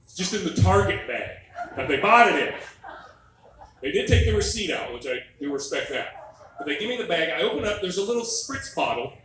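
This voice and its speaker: A man's voice: high voice, sing-song, brisk, fairly bright tone, slight background noise. A middle-aged man doing a stand-up comedy set on a club stage, telling wry, exasperated stories with mock quotes. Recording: echoey room recorded from a distance.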